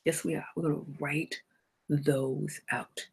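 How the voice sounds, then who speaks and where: Woman with a cold, animated host. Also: low-pitched, measured pace, creaky, husky. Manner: animated, laughs and self-corrects often. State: has a cold. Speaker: host of a self-help broadcast. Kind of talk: motivational talk to viewers.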